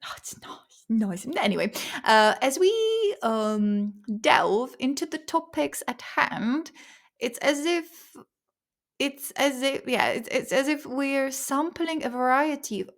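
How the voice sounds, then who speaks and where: Slow, playful woman thinking aloud. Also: high-pitched. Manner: playful, rambling, sounds out words repeatedly. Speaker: vlog host studying vocabulary. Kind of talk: casual study-along chat.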